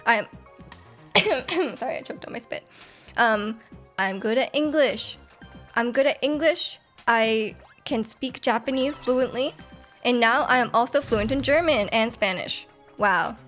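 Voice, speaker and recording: A woman's voice: on the high side, measured pace, a bit bright, soft background music. A woman live-streaming a video game, chatting casually with her chat, giggling often and reading messages aloud.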